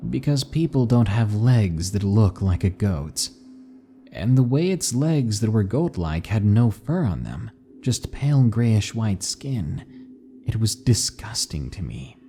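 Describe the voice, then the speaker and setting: A man narrating scary stories in a measured, dramatic reading style. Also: lowish voice, mellow. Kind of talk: scripted horror narration.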